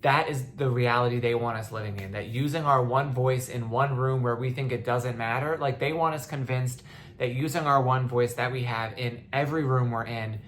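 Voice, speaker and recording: Speaking at a normal pace, this young woman podcaster has a bass voice and talks casually but with real feeling. She keeps restarting her sentences and occasionally comes close to crying.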